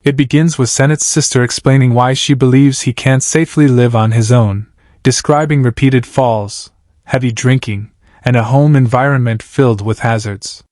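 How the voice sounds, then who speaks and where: A man's voice: mid-range voice, steady tone, moderate pace, darkish tone, no room sound, clean studio sound. A man narrating a court case video in a dramatic, suspense-building tone. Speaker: host and narrator. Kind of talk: scripted narration.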